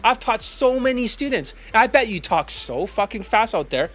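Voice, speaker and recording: High-voiced man ranting with profanity. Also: big pitch swings, normal speed, fairly bright tone, faint music behind. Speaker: dating coach. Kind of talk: ranting vlog monologue.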